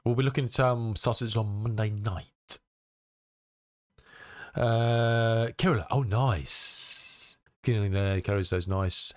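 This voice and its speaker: A man's voice: fairly low pitch, unhurried, pauses often, dry recording, clean studio sound. A male streamer chatting casually with his viewers, muttering to himself as he tinkers and answering chat messages.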